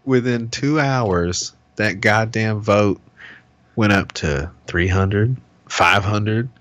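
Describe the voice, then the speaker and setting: A man's voice: lowish voice, slow, fairly bright tone, dry recording. A man on a podcast telling a heated, profane story in casual chat and acting out what people said. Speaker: podcast co-host.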